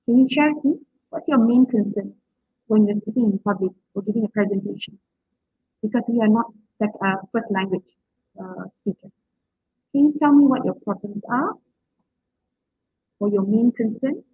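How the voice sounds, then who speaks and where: Husky-voiced woman lecturer, lots of okays. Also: on the high side, normal speed, long pauses, dry recording, dull audio. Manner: encouraging, asks questions, many okays and fillers. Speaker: public speaking lecturer. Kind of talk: interactive online lecture.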